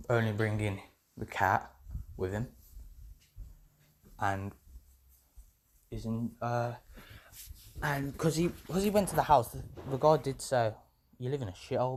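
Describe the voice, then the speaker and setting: A man's voice: medium pitch, darkish tone, slight background noise. A young man retelling a fan story in a rambling, self-correcting way, swearing freely as he goes. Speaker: vlogger.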